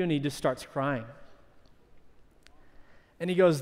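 A man delivers a sermon from the pulpit, telling a story with animated energy. His voice sits a little high. Long reverb from the church sanctuary trails behind each phrase. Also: slow pace, pauses often. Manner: animated storytelling, shouting in acted quotes. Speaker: pastor.

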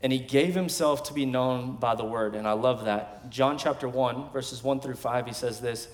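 A man in his thirties, a pastor, preaching a sermon in emphatic bursts with quiet asides between. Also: mid-range voice, moderate pace. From West Texas. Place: large church sanctuary. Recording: long hall reverb from a church sanctuary.

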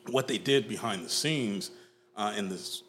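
Guy cohosting a chat show, lowish voice, faint hum behind him, gets animated. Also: a little slow. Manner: animated, slips into playful put-on voices. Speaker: podcast co-host. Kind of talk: casual chat.

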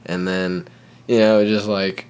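A man's voice: fairly low pitch, flat delivery, takes it slowly, darkish tone, clear, resonant tone. A young man hosting a podcast, telling a long casual story full of fillers and acting out the voices of the people in it. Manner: rambling, full of fillers, acts out the voices in his stories. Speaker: podcast host.

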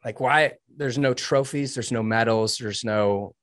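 A man's voice: medium pitch, measured pace, a bit bright, no echo, clean studio sound. A man from the United States, a former Navy SEAL trainee, telling his personal story in an interview with earnest, heartfelt feeling. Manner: earnest and heartfelt, with restarts and short laughs.

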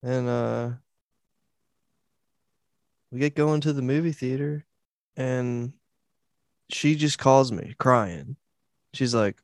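A podcast host tells a story casually in a medium-pitched voice, speaking slowly and pausing often. He uses many fillers and restarts and voices the people he quotes. The sound is echo-free and studio quality.

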